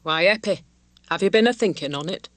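A subdued, gentle older working man speaks with careful softness and rustic turns of phrase, voiced by a woman reading a novel aloud. The voice sits low and the sound is dry and close. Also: a little fast, no echo, natural voice. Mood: subdued, tender. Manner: soft subdued tone, rustic dialect speech.

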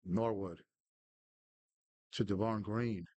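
Low, husky-voiced man calling his game. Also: fairly even intonation, slow pace, warm tone, no room sound. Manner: terse, calls out player names, swears when frustrated. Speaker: podcast host playing a football management game. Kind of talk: casual live commentary on his own game.

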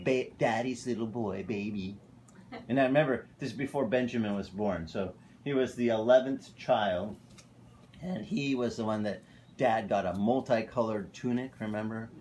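A male pastor preaching a casual, animated sermon at a church fellowship. He often tells stories and corrects himself mid-sentence. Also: fairly low pitch, slight background noise. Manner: animated, storytelling, self-correcting.

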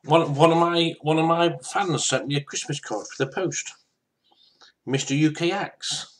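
A man's voice: a little high, steady tone, a little slow, slight background noise. A man talking casually to his viewers, rambling and stammering, repeating himself often. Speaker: YouTuber. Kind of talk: casual vlog to camera.

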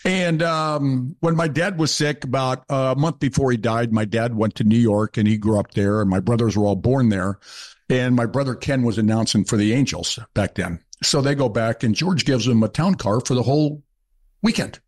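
An older man in his seventies, guest on a casual podcast, telling stories from his playing days. He talks in a relaxed, conversational way and now and then acts out what the fans yelled at him. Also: mid-range voice, moderate pace. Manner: animated storyteller, acts out shouted quotes. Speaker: guest, former ballplayer. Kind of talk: casual storytelling.

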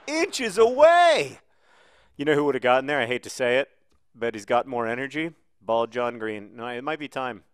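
A middle-aged man commentating on his own football video game, jokey and excitable, breaking into shouts at big moments. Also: fairly low pitch.

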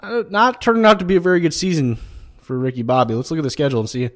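A man commenting on his own baseball video game play, swearing and flaring up at bad pitches, and talking straight to his viewers. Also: steady tone, very fast, fairly bright tone. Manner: swearing, frustrated outbursts at the game. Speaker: gaming YouTuber. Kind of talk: gameplay commentary.

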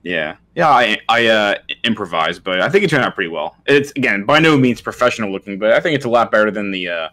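A man with a somewhat low voice, chatting casually as a podcast co-host. He rambles through his ideas with plenty of restarts and filler words. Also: animated, quick pace, hardly any pauses, pushed and bright. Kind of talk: casual chat.

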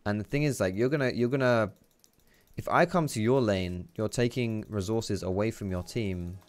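Chatty gamer, lowish voice. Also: male voice, normal speed. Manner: chatty, excitable, swears freely. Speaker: gaming YouTuber. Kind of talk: live gameplay commentary.

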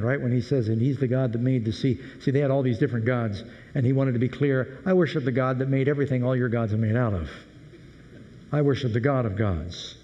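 A man preaching a sermon as a pastor, telling a story with animated shifts of voice. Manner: animated storytelling, voices sailors' questions with rising pitch. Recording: dull lo-fi audio with long hall reverb.

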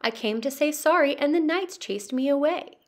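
A woman voicing a remorseful, clumsy male dragon in a children's storybook, speaking quickly and pleadingly. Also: lively intonation. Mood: apologetic. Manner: quick, pleading, raised pitch.

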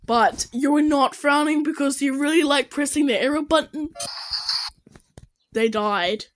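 Slow-talking high-voiced young woman reacting. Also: low-quality recording. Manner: exclaiming, questioning characters on screen. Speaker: reaction video host. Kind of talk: casual reaction commentary.

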